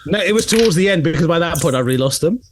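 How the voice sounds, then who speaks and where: A comedian co-hosting a podcast over a video call, animated and joking, swearing freely. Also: male voice, on the high side, racing, a loud crowd. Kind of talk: casual chat. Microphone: remote video call.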